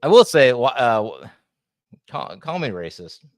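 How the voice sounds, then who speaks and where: Male co-host, mid-pitched, rambling and playful, lively intonation. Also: measured pace, no room sound, clean studio sound. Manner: rambling, restarts sentences, jokey. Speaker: podcast co-host. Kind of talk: casual podcast chat.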